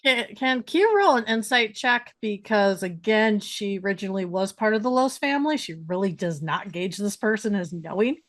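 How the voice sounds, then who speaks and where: A woman's voice: mid-range voice, lively intonation, normal speed, hardly any pauses, fairly bright tone. Teasing woman player. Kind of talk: casual chat at the game table.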